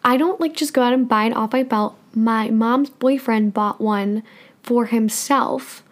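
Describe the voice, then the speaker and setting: A woman's voice: on the high side, unhurried. A young woman in her twenties co-hosting a podcast, chatting casually and laughing often. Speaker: podcast co-host. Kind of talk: casual chat.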